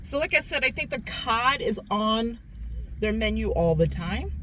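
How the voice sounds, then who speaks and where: Chatty woman doing a food review vlog, kinda high voice, little bit of background hiss. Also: lively intonation, a little slow, bright, forceful tone, low-quality recording. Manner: chatty, repeats herself, keeps calling viewers "guys". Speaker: food review channel host.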